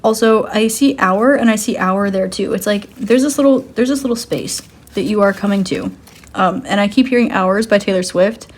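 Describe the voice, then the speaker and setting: A woman giving a casual intuitive card reading, rambling with many "um"s and "like"s and laughing easily. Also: medium pitch. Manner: rambling, full of "um" and "like", giggly. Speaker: tarot card reader.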